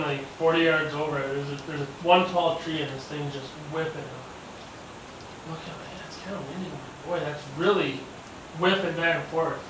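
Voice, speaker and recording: A man telling a hunting story in casual chat, animated, acting out quotes and swearing freely. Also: on the high side. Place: hunting camp gathering. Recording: echoey, distant, noisy camp recording.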